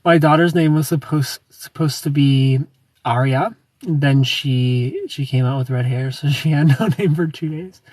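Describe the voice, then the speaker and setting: Young guy chatting on a livestream, a bit husky and higher pitched, giggles a lot, dry sound with the mic a bit off. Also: measured pace, darkish tone, dry recording, distant mic. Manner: chatty and giggly, greets viewers by name. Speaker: livestream host. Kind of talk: casual livestream chat reading comments.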